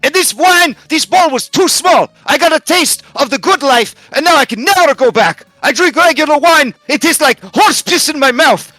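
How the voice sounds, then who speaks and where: A man's voice: very high-pitched, lively intonation, moderate pace, few pauses, no room sound, pitched above the performer's own voice, heavily acted. Man playing a whining drunk tavern patron. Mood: furious. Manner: shouting, whining. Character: bitter drunk tavern patron, male, spoiled wine snob.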